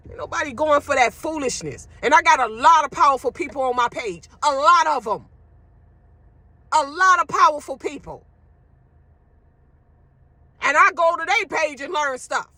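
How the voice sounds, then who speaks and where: A woman's voice: high-pitched, normal speed, long pauses, sharp tone, no room sound. A woman delivering a blunt, emphatic rant to her viewers, with profanity. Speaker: social media commentator. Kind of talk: ranting monologue to viewers.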